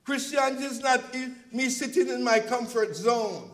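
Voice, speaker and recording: A male preacher giving an impassioned sermon, telling stories from his church's food pantry and at times rising to a shout. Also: very high voice, moderate pace, rough recording. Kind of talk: sermon with storytelling.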